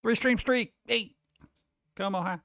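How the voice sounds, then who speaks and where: A man hosting casual reaction commentary, excitable and exclamatory, rambling between remarks. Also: sits high, a little slow, no room sound, studio quality. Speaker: host.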